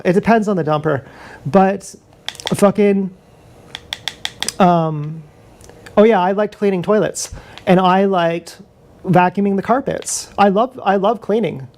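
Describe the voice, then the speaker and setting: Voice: mid-range voice, a little mellow. Rambling, profane live-streamer. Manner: profane, rambling, confessional storytelling. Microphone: action camera mic.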